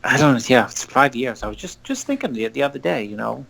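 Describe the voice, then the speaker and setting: A man's voice: medium pitch, very animated, fast, vocal fry, a bit bright. A middle-aged man co-hosting a casual talk show, speaking hesitantly with repeated words and dry humor. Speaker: podcast co-host. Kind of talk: casual chat.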